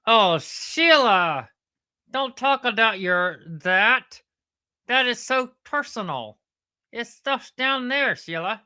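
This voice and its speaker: A woman's voice: fairly high pitch, animated, slow pace, pushed and bright, pitched above the performer's own voice, full character voice. A woman voicing a cheeky male puppet sidekick who teases and pesters her. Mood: scandalized. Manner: squeals the name "Sheila" in a mocking tone. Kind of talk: comedy puppet act.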